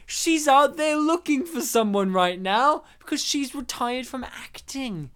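A woman's voice: high-pitched, expressive, measured pace, few pauses, smooth. A woman from Poland, co-hosting a casual film chat, joking and laughing often as she acts out scenes. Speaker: podcast co-host. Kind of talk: casual chat about films.

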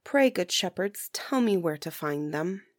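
A woman voicing a poor, gentle young stepdaughter in a storybook, pleading and plaintive. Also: on the low side, expressive, unhurried, dry recording, clean studio sound.

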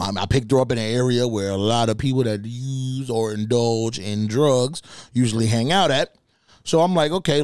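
A man hosting a podcast alone, telling stories in casual, profane, animated talk with laughs. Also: mid-range voice, dry recording, studio quality. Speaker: podcast host. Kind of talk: casual solo storytelling.

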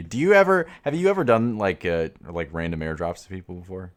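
Young male co-host, deep and animated, crude joking banter. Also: fairly quick. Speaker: podcast co-host. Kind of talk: casual comedic chat.

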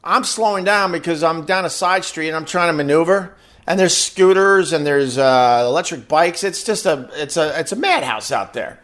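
A man's voice: a little high, moderate pace. A man telling a casual, profanity-laced story to live viewers, acting out the voices of the people in it. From New York. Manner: animated, acts out quoted voices, swears freely. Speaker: host chatting with live viewers.

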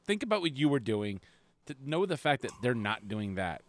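A middle-aged man chatting casually as a podcast co-host, dropping quick jokes. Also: medium pitch, sing-song. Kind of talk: casual chat.

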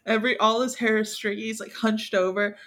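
A woman guest on a podcast in relaxed, casual chat, often agreeing with short replies. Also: a little high, fairly quick. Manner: relaxed, agreeable, lots of backchannel.

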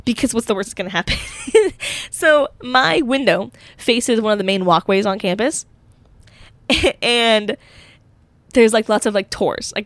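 A woman's voice: mid-range voice, dry recording. A young woman hosting a solo podcast from her college dorm room, telling a rambling, giggly story full of fillers. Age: young adult. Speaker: podcast host.

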